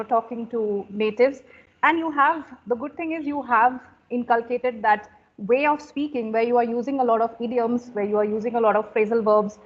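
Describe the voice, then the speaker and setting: A woman's voice: on the high side, dull audio. A woman from India hosting an interview as a communication coach, encouraging and full of affirmations. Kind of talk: conversational interview.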